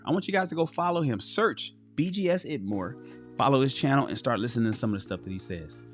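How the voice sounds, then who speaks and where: A man hosting a livestream who talks in a profane, animated way and acts out the people he quotes. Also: mid-range voice. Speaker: host. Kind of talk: livestream commentary.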